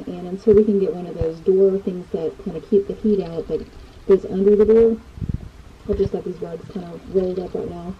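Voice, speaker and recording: Woman vlogger, mid-pitch, rambling casual house-tour narration, slightly winded. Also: lo-fi sound, a little hiss or hum. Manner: chatty, rambling, many fillers and restarts. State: out of breath. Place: indoors, a house.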